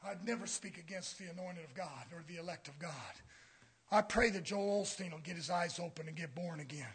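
Shouting fiery preacher man, very high. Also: husky. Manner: swings from shouting to hushed near-whispers; blunt, confrontational, repeating phrases. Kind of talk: fiery sermon. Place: church.

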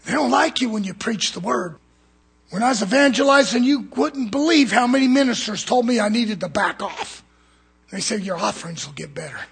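Gravelly, raspy preacher man. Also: lively intonation, moderate pace. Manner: fiery preaching that swings from shouts to low murmurs. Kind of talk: fiery sermon. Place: church.

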